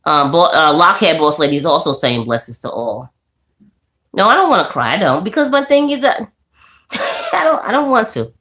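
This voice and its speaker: A woman chats casually on her livestream, with a voice that sits fairly low. She laughs often, sinking to a quiet, somber tone and then jumping up high and bubbly as she greets her viewers. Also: very animated, normal speed. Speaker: livestream host.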